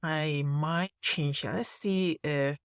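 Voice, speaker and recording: A woman narrating a screen-recorded design tutorial, thinking aloud in a relaxed way as she works. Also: low-pitched, slow, smooth, no room sound, studio quality.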